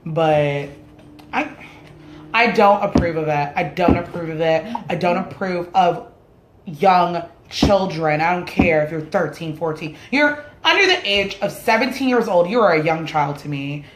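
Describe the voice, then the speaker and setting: A woman whose first language is Spanish vents her opinions to the camera, blunt and unfiltered, with swearing sprinkled throughout. Her voice sits a little low for a woman. The room around her rings with a noticeable echo. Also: expressive, a little slow. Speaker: vlogger. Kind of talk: casual opinion rant to camera. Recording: roomy echoey room sound.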